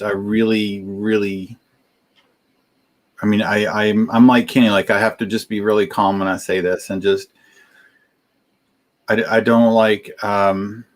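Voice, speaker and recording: A man co-hosting a casual podcast chat, speaking haltingly with many restarts as he tries to stay calm. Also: lowish voice.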